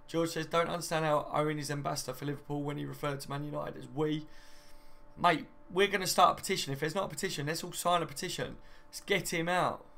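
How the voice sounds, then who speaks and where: A man's voice: fairly high pitch, fairly even intonation, fast, vocal fry, sharp tone. A young man hosting a live stream, reading out viewer comments in a chatty, matey way. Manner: chatty and matey, often says "mate" and "do you know what I mean".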